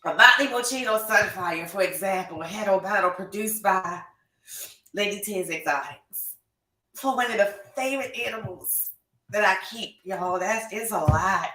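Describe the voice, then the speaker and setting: A woman's voice: medium pitch, normal speed, pushed and bright. A young adult woman hosting a podcast, chatting casually and effusively while reading out viewer comments. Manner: gushing, effusive, emotional. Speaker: podcast host and reptile breeder. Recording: echoey room, distant mic.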